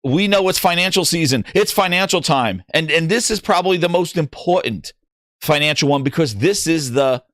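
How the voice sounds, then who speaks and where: A man hosting a gaming news livestream, ranting and joking with mock skits and shouting out viewers. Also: on the high side, lively intonation, normal speed, no room sound, clean studio sound. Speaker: livestream host.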